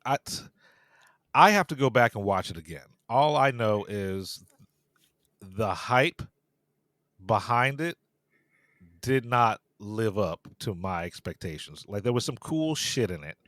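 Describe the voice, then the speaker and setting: A man co-hosting a casual film podcast, relaxed and agreeable, swearing and tripping over his words. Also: lowish voice, a little slow, pauses often, dry recording. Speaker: podcast co-host.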